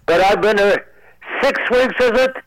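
A man's voice: sits high, unhurried, a bit bright, dry recording, poor audio. A man in his nineties, a comedian guest calling in from home, rambling with stammered restarts and dry wisecracks. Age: 90s. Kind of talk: joking radio interview.

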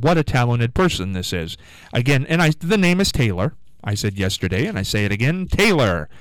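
Man, radio host, chatty, rambling, smooth resonant voice, dry studio sound. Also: medium pitch, no echo, low-quality recording. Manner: chatty and rambling, repeats the call-in number. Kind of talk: call-in radio show chat.

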